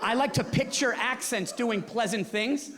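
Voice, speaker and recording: A male stand-up comedian performing on a theater stage, ranting with constant profanity and swinging from hushed asides to shouting. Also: very high-pitched, normal speed, a crowd in the background. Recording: live audience laughter and room noise.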